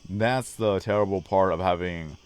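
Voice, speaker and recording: Low baritone man, a bit hoarse. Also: normal speed, soft background music. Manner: rambling, talks on long tangents. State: slightly hoarse, losing his voice. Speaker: livestream host. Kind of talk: casual livestream chat with viewers. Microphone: desk microphone.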